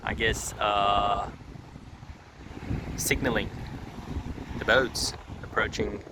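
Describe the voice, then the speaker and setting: A man, filming a relaxed travel vlog outdoors on a beach with a handheld phone, chatting and swearing mildly. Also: lowish voice, extremely slow. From Uzbekistan. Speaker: vlogger touring with his father. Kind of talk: casual travel vlog narration. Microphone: handheld phone camera. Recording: noisy outdoor phone recording.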